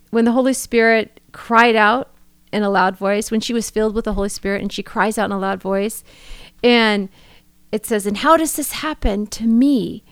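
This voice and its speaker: A woman's voice: on the high side, clean tone, dry recording. A middle-aged woman co-hosting a faith podcast, talking in an earnest, emotional, rambling way with many restarts. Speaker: podcast co-host. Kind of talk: casual faith conversation.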